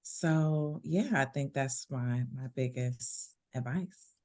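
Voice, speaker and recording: A woman, a guest in a casual interview, talking in a relaxed, conversational way and laughing easily. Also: extremely low pitch, slow pace. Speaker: guest, veteran business owner.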